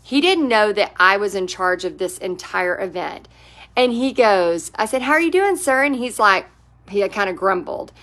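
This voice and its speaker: A woman's voice: mid-range voice, moderate pace, a bit bright. A woman who teaches painting, hosting a live stream and talking casually to viewers in a chatty, encouraging manner.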